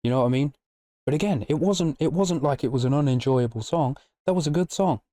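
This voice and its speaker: Chatty man with a mellow voice. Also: a little high, a little fast, dry recording, studio quality. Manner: chatty, swears freely, keeps asking "you know what I mean". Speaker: music reaction channel host. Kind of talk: casual rambling video outro.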